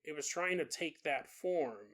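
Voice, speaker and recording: A man's voice: on the high side, expressive, a little slow, fairly bright tone. A man hosting a paranormal podcast, retelling a ghost story in a casual, jokey way and mimicking the people in it. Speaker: podcast host.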